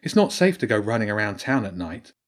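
A man voicing a defiant older teenage girl in an audiobook, talking sharp and dismissive. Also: fairly low pitch, sing-song, brisk.

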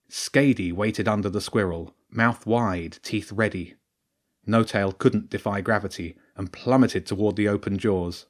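A man with a fairly low voice reads his own children's adventure story aloud. He narrates at an even pace and jumps up loudly for the characters' shouted lines. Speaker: author and storyteller.

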